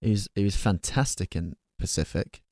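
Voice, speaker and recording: A jokey man chats with friends. His pitch leaps up and down as he talks. The sound is close and dry. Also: lively intonation, moderate pace, darkish tone, no echo. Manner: playful, jokey, slips into silly voices. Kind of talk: casual chat.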